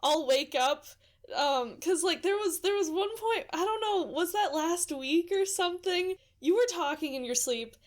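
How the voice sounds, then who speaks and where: Young woman host rambling along casually, super high voice. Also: lively intonation, unhurried. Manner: chatty, rambling with fillers and laughs. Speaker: channel host. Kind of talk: casual chat.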